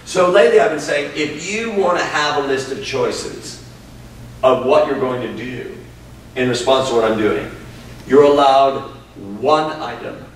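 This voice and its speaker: Animated improv teacher in an echoey room. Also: male voice, mid-range voice, a little slow. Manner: animated, laughs often, swears freely. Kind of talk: casual interview. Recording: echoey room from a distant mic with noise.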